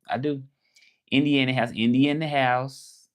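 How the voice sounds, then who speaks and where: A man's voice: mid-range voice, normal speed. A man with a Southern accent from Memphis, chatting loosely on a livestream and greeting viewers from his laptop. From Memphis, Tennessee. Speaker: livestream host. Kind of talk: casual livestream chat. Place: indoors at a laptop.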